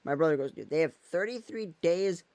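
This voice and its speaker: A man's voice: on the high side, lively intonation, fairly quick, darkish tone, no room sound. A man vlogging in a casual, rambling way, thinking aloud as he goes. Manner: thinks aloud while using his phone and laptop, meandering.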